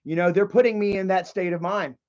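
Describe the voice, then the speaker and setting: High-voiced, rambling man on a stream. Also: fairly even intonation, a little fast, a little mellow, muffled recording. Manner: rambling, with many fillers and restarts; agitated and confrontational. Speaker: livestreamer. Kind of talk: casual livestream chat.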